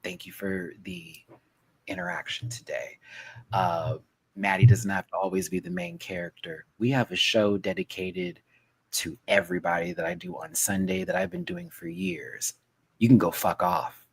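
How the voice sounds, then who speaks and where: A man hosting a casual panel chat, sassy and animated, with quick asides. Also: deep voice, gravelly, breathy edge. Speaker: host.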